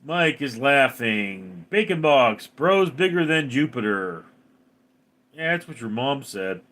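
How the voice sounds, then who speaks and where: A young man hosting a casual livestream, joking and reacting quickly as he reads out chat messages. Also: medium pitch, sing-song, a bit bright.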